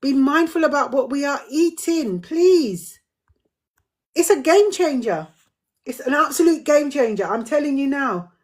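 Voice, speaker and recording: A woman's voice: high voice, animated, unhurried. A middle-aged woman hosting a live drop-in, talking earnestly and repeating her points for emphasis, her throat a little dry. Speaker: host of a community live drop-in. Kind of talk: casual live-stream talk.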